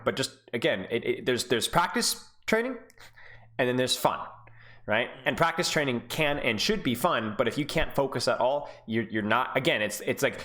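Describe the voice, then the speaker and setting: Male game coach, animated pitch, friendly and encouraging, casual. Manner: animated, encouraging, laughs easily.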